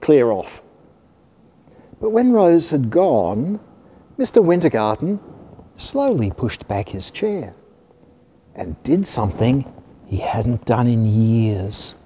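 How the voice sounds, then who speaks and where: Animated man reading a storybook aloud. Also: medium pitch, slow pace, a little hiss or hum. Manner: expressive, animated. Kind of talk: reading a children's picture book aloud. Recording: reverberant hall.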